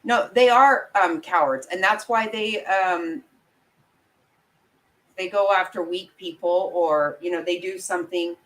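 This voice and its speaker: A woman's voice: on the low side, unhurried, a bit bright, poor audio. A woman giving heated, profane commentary on a livestream, ranting and talking straight to her viewers. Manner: angry, profane, emphatic ranting; talks to viewers and apologizes for the outbursts. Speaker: true crime commentator.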